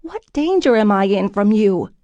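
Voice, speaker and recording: A woman's voice: mid-range voice, very animated, normal speed, no room sound, lo-fi sound, pitched above the performer's own voice, natural voice. Woman playing a fiery, defiant young fighter. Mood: pleading. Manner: forceful, defiant, raises her voice often.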